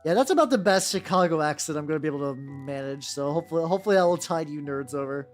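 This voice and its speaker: Here the streamer sounds animated and fast, with a mid-range voice and faint music in the background. It's a relaxed VTuber chat over miniature painting, jokey and meandering, peppered with "like"s and restarts.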